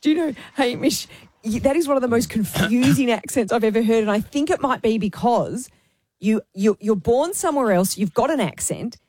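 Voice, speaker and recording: Irish woman, radio host, high voice, brisk and self-deprecating, dry studio mic. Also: expressive, a little mellow, dry recording. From Ireland. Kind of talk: breakfast radio banter. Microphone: studio microphone.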